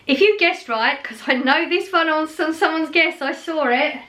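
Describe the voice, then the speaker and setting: A woman's voice: high-pitched, moderate pace, sharp tone. A middle-aged woman, chatting casually to camera in a rambling way, with many fillers and restarts. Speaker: vlogger.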